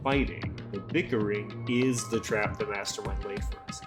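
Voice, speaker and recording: A man with a lowish voice reads all the characters' dialogue aloud while streaming a visual novel, speaking at normal speed with game music behind him. Between scenes he chats casually with his viewers and swears freely.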